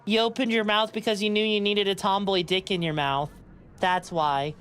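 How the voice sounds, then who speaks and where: Speaking at normal speed in a mid-range voice, a young VTuber streamer chats casually with her viewers, giggling often and animatedly replying to chat. There's a little hiss or hum in the audio.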